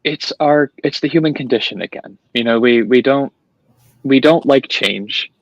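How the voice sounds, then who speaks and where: A man's voice: mid-range voice, moderate pace, dry recording, lo-fi sound. A man from an Italian-American family who speaks as a podcast guest, explaining his ideas in a thoughtful, earnest way. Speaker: podcast guest, paranormal investigator. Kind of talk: casual chat.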